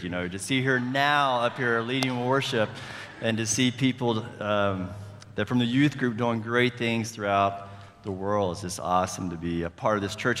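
A man's voice: medium pitch, fairly bright tone. A man from West Virginia with a West Virginian accent, a guest speaker giving a sermon in a casual, folksy and earnest way, with many fillers. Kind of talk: church sermon. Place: church sanctuary. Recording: reverberant church hall.

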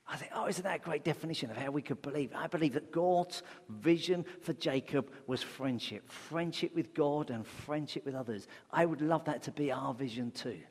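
A man's voice: on the high side, normal speed, hardly any pauses, darkish tone, breathy edge. A man preaching a sermon as pastor, conversational, asking rhetorical questions. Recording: long hall reverb.

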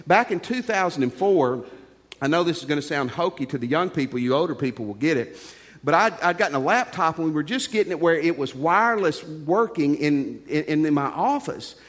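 A middle-aged man preaching from the pulpit, with a voice that sits a little high for a man. He talks earnestly and conversationally and mixes scripture with his own stories. His voice rings out with a long reverb in a church sanctuary. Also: lively intonation, moderate pace. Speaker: pastor. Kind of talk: sermon.

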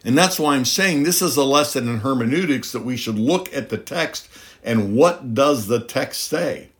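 A man's voice: mid-range voice, animated, moderate pace, fairly bright tone. A middle-aged man preaching a sermon, emphatic, with rhetorical questions and a voice that climbs on key points.

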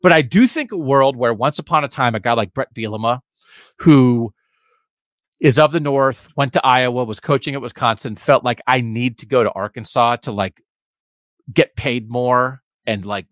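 A man's voice: mid-range voice, moderate pace, a bit bright, no room sound, clean studio sound. A man co-hosting a sports podcast, giving emphatic, opinionated talk with sarcastic asides.

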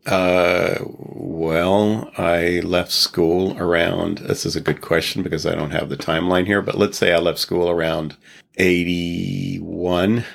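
A man from Texas with a very low, deep voice recounts his past in a loose, rambling interview style. He is reflective and chuckles now and then as the memories come back. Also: little pitch movement, slow pace, vocal fry. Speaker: podcast guest. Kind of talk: casual storytelling interview.

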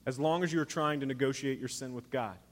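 Heard in a big-room sound, a man in his thirties delivers a sermon as pastor with a medium-pitched, brisk voice. He's emphatic, alternating between loud exhortation and near-whispered hush.

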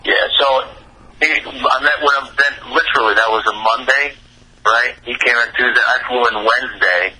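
A middle-aged man, a rock singer, telling his story in a rambling, halting way full of fillers. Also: medium pitch, bright, forceful tone, breathy edge, low-quality recording. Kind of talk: casual storytelling interview.

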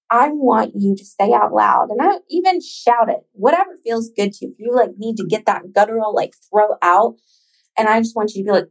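A woman hosting a podcast, talking casually and encouragingly straight to the listener, with swearing and long pauses. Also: on the high side, vocal fry, rough recording. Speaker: podcast host. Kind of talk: motivational podcast monologue.

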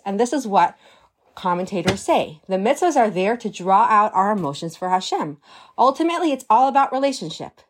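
A woman giving a religious lesson, with animated, conversational storytelling. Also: on the high side. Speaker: Torah teacher.

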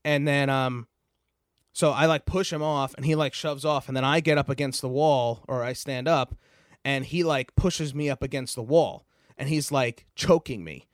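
A man's voice: medium pitch, moderate pace, dry recording, studio quality. A young man hosting a podcast, telling a long personal story in a rambling, casual way, full of fillers and swearing. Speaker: podcast host.

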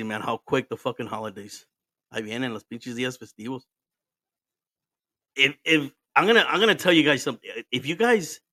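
A man's voice: medium pitch, fairly bright tone, no room sound, clean studio sound. A man, hosting a podcast and telling a story in casual chat, laughing and swearing as he switches between English and Spanish. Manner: drinking while talking. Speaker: podcast host.

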